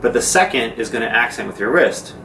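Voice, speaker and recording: A man's voice: mid-range voice, lively intonation, brisk, pushed and bright. A man teaching drum rudiments in a casual, informal way, talking through exercises with fillers as he demonstrates. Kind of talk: casual instructional talk. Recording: echoey room, mic far off, noisy.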